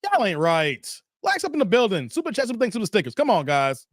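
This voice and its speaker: A man with a high, lively voice hosts a casual live stream. He reads chat comments in a teasing, playfully exasperated way. The sound is dry and close. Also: fast talker, no room sound.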